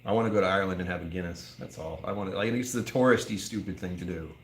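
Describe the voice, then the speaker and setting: A man's voice: sits low, fast, a little hiss or hum. An American man hosting a whiskey livestream, chatting casually, joking and reading viewer comments. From United States. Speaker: whiskey channel host. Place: whiskey bar, indoors.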